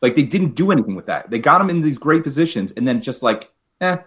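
A man in casual chat, blunt and profane, with quick retorts. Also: medium pitch, big pitch swings.

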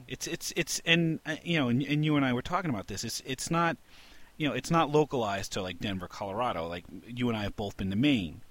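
Rambling New York-raised podcast host. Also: male voice, medium pitch, brisk. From New York City. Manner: animated, rambling, swears, laughs often. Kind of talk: casual chat.

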